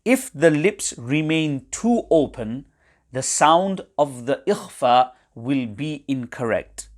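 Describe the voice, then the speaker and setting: A man's voice: medium pitch, lively intonation, slow. A man teaching Quran recitation in an instructional webinar, explaining pronunciation carefully and reciting short examples.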